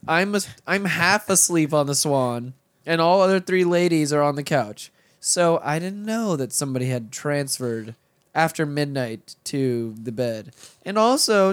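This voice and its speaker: A man's voice: fairly high pitch, smooth, no room sound. Crude, rambling male podcast host. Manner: crude, rambling, laughs often. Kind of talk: casual banter.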